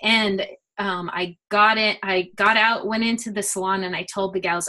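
A middle-aged woman, a guest, telling a personal faith story in an earnest, animated way with many fillers. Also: mid-range voice, moderate pace. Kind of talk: personal testimony in a conversation.

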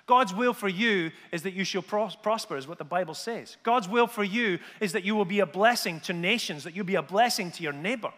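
A man preaches a lively, conversational sermon, firing rhetorical questions at his listeners. His voice sits high and sounds bright and forceful. A long reverb trails behind each line, as in a large hall. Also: brisk, few pauses. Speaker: pastor.

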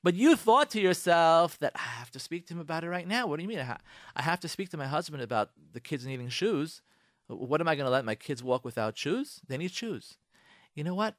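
A man hosting a radio show, giving marriage advice in a lively, direct way, acting out both spouses and speaking. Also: fairly high pitch, a little fast, no room sound, studio quality. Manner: animated, acts out both spouses in quotes, lectures the listener directly. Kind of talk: direct-address advice talk.

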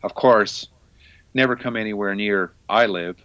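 A man's voice: lowish voice, a little slow, fairly bright tone, no echo, muffled recording. A man co-hosting a music podcast in casual, enthusiastic, teasing chat. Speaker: podcast co-host.

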